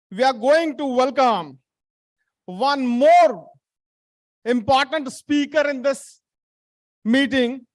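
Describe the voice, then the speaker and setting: A man's voice: very high voice, no room sound. A man hosting a live event, enthusiastic and switching between English and Hindi. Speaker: event host.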